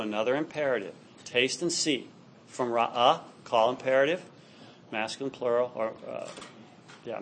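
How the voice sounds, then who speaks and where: A man's voice: medium pitch, a little hiss or hum. A man teaching a class on Hebrew grammar, explaining patiently and checking in with students often. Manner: patient, explanatory, frequent "all right?" check-ins. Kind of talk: classroom lecture.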